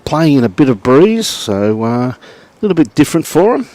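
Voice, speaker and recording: A middle-aged Australian man doing relaxed live commentary on lawn bowls, chatting and greeting viewers by name. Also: mid-range voice, moderate pace.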